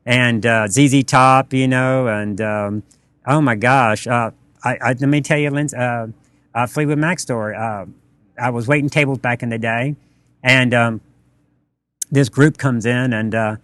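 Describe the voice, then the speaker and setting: A man's voice: mid-range voice, steady tone, a little slow, fairly bright tone, clean tone, dry recording. A man with a Texan accent, a restaurant co-owner on a podcast, telling rambling anecdotes full of fillers and acting out the dialogue. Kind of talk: casual storytelling interview.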